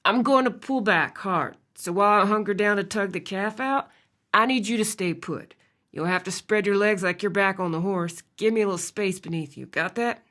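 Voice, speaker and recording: A woman narrator voicing a calm male rancher with a low, raspy voice, coaxing and soothing in an audiobook. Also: moderate pace, close to an everyday voice. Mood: steady, instructive.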